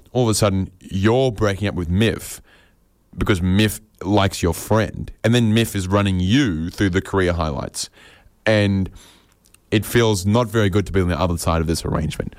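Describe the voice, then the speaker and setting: A man's voice: sits low, no room sound, studio quality. A man riffing through an absurd comedy scenario in a playful, rambling way.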